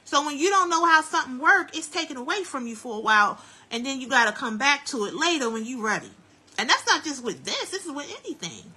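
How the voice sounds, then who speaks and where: A woman hosting a live stream from home while doing hair, giving chatty, preachy life advice in a lively, down-to-earth way. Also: a little high, husky. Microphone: phone live stream.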